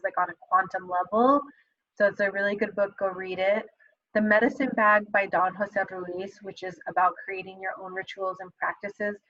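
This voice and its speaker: A woman's voice: medium pitch, a bit bright, no room sound. Earnest woman podcast host, dry lo-fi sound. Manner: earnest, reflective, with many fillers and restarts. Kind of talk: casual solo podcast talk. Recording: dull, slightly lo-fi dry recording.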